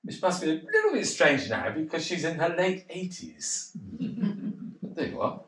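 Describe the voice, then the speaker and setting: A man's voice: a little high, wildly swooping pitch, a little slow, fairly bright tone, distant mic, exaggerated voice. An actor playing a nervous, rambling male cocktail pianist who stammers and giggles on stage. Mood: musing. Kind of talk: stage play acting. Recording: roomy sound heard from afar.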